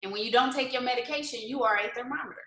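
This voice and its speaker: Racing along in a slightly high, bright, forceful voice, a motivational host gives an informal live-stream pep talk indoors at home. She fires off rhetorical questions and mixes faith-based encouragement with everyday asides and frequent laughter. The recording is rough, with an echoey room.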